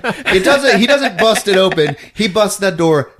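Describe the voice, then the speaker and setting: Man, podcast host, lively recap, jumps into silly character voices, slightly high voice. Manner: animated, acts out characters in quick funny voices, laughs often. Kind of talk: casual comedic movie recap.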